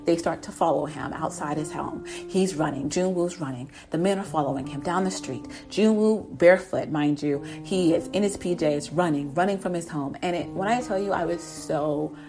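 A woman's voice: sits low, moderate pace, hardly any pauses, over music. A woman casually recapping a TV drama episode, chatting and laughing as she acts out the characters' lines.

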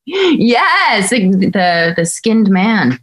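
A woman's voice: mid-range voice, very animated, very slow. A woman hosting a podcast, chatting enthusiastically about writing a horror story. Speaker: podcast host and writer. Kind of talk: casual chat.

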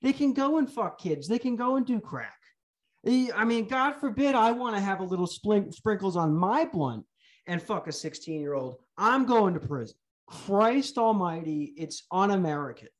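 A man's voice: high voice, lively intonation, moderate pace. Young male podcast host, profane sarcastic rant style. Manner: swearing, ranting, sarcastic.

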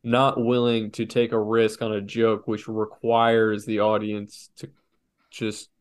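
A man's voice: lowish voice, monotone, slow pace, smooth. Rambling young male podcast co-host. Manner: rambling, reflective, full of restarts. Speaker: podcast co-host, comic artist. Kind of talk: casual podcast banter.

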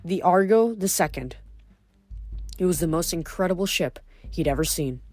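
A woman's voice: lowish voice, expressive, moderate pace, darkish tone, dry recording. Casual woman reading aloud. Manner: casual, with fillers and restarts. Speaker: podcast host reading a novel aloud. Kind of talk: read-aloud narration and casual sign-off.

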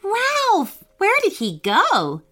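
A woman voicing an anxious, eager little girl in a children's storybook, pitching her voice high and excitable. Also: faint music behind, heavily acted. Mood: worried. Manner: high, excitable, quick to fret. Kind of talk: storybook character voice.

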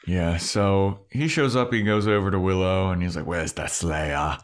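A man's voice: sits low, moderate pace. A man co-hosting a podcast, recapping an episode in casual chat and playfully acting out the characters' lines. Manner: animated storytelling, acts out characters' lines in funny voices. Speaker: podcast co-host.

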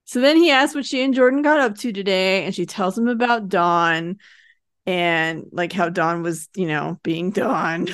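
A woman's voice: fairly low pitch, a little slow, fairly bright tone, dry recording, studio quality. A woman co-hosting a podcast, recapping a TV episode in casual chat, laughing often and swearing casually. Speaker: podcast co-host.

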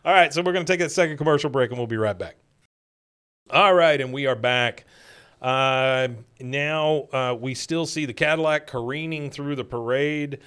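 A man's voice: medium pitch, normal speed, a bit bright, smooth. Casual man recapping a cartoon episode. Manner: retells scenes, briefly mimicking characters' lines. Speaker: podcast host recapping episodes.

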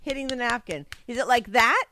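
A woman's voice: fairly high pitch, expressive, a little fast, pushed and bright, a little hiss or hum. A woman on a casual podcast, teasing and asking pointed questions, recorded close on a studio mic. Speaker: co-host.

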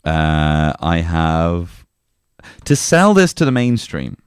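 A man co-hosting a comedy podcast, rambling and crude with halting restarts. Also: low voice, big pitch swings, clear, resonant tone, dry recording, studio quality. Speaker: podcast co-host. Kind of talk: casual comedy chat.

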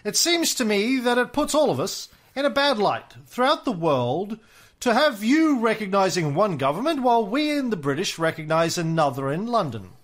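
Man voicing a 1920s aristocrat statesman: Mid-Atlantic accent, formal, earnest, pitched up. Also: very animated. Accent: old-fashioned Mid-Atlantic aristocratic. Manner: formal, measured letter-reading delivery.

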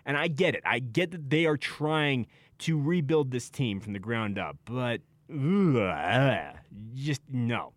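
Animated male sports radio host. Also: mid-range voice, no room sound. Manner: emphatic, animated, quick to laugh.

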